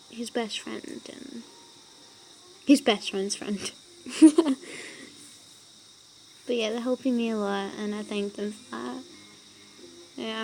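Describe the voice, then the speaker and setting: A woman's voice: on the high side, a little mellow, a little hiss or hum, rough recording. Giggly woman reading stories aloud. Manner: giggly, breaks off to laugh and ramble. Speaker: reader of online stories. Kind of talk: casual reading aloud with chatty asides.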